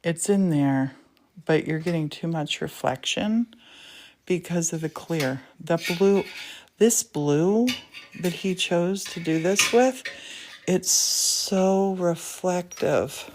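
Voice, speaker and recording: A woman hosts a live studio stream in an unhurried, low voice, showering praise and chatting with her viewers. A faint hiss sits under her speech. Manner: gushing, affectionate, talks to viewers. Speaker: livestream host. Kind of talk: casual live demo chat. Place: indoor glass fusing studio.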